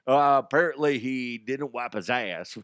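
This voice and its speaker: A man hosting a radio show, riffing on odd news stories in a loud, crude and profane way. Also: mid-range voice, unhurried, clean tone, no room sound, clean studio sound. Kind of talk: crude comedic news talk.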